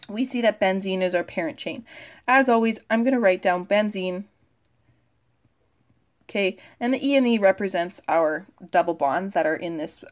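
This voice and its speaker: A woman teacher giving a recorded chemistry lesson, thinking aloud as she writes on the board and filling pauses with "okay" and "uh". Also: medium pitch.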